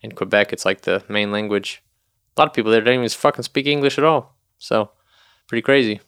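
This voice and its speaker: Smooth-voiced man, rambling chat. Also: lowish voice, fairly quick, fairly bright tone, dry recording, clean studio sound. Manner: rambling, profane, joking. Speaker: podcast host. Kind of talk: casual podcast chat.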